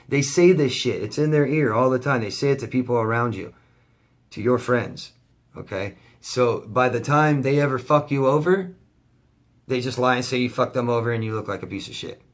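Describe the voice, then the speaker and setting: A man's voice: medium pitch, fairly bright tone. Male coach, vlog rant to camera: blunt, profane, heated, repeats himself for emphasis. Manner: blunt, heavy swearing, heated and repetitive. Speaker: life coach.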